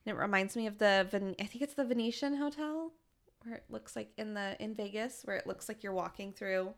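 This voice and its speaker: A woman's voice: medium pitch, a little fast. A woman in her thirties hosting a casual podcast chat, recapping a book in a playful way with frequent laughter. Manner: laughs often, playful and chatty.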